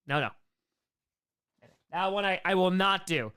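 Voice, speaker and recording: A young man with a New York accent chatting casually and quickly while answering viewer questions on a live stream, playful and animated. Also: high-pitched, clean tone. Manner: fast, animated, playful, reads chat aloud.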